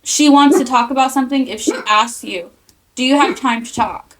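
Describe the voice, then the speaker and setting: A woman on a casual podcast, telling an animated story and acting out the people she quotes. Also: sits high, moderate pace. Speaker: podcast guest.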